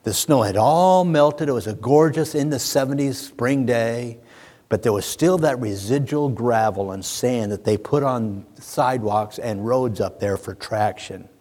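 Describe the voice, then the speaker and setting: A male pastor delivers a sermon, speaking straight to the congregation. His voice drops low and soft, then rises to a booming pitch. Long reverb from the hall trails after every phrase. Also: a little slow. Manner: storytelling that swings from hushed to booming; addresses the congregation directly. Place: church sanctuary.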